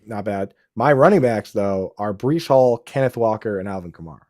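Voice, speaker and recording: A man hosting a casual fantasy football podcast, talking excitedly, restarting sentences and calling his guest dude and bro. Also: fairly low pitch, moderate pace, no room sound, studio quality. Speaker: podcast host.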